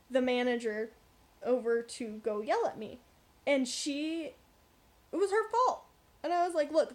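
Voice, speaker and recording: A young woman vlogger telling a workplace story in a casual, animated, blunt way. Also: on the high side. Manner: animated, blunt, frequent swearing and asides.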